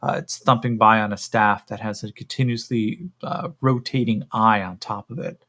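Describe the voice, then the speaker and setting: A man narrating a solo tabletop role-playing game as game master, in a relaxed, rambling way with many fillers. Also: lowish voice, moderate pace.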